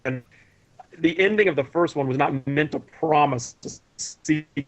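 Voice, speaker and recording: A man guesting on a casual podcast over a video call, telling stories in a rambling, animated way with lots of restarts. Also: fairly high pitch, moderate pace. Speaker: guest, cartoon creator.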